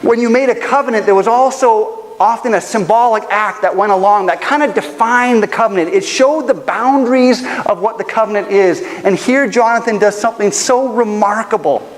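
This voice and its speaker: A man's voice: sits high, normal speed, few pauses. A man preaching a sermon as pastor, telling stories in an earnest, emotional way. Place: church auditorium. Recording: long church hall reverb, faint ambience.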